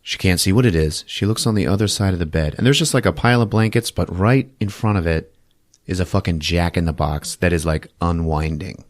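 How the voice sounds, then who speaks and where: A man's voice: low voice, a little fast. A man hosting a podcast, casually recapping a horror film with profanity, laughter and acted-out voices. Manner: animated, profane, acts out scenes with voices and laughs.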